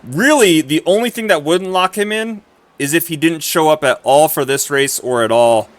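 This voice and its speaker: A man giving live commentary on a sim racing broadcast, excitable and quick to exclaim at close racing. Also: fairly high pitch.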